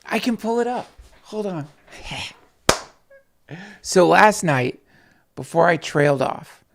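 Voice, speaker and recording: A man hosting a casual night livestream, rambling, swearing and talking excitedly to his viewers. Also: high-pitched, takes it slowly, creaky, noisy background. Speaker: podcast host on a night livestream.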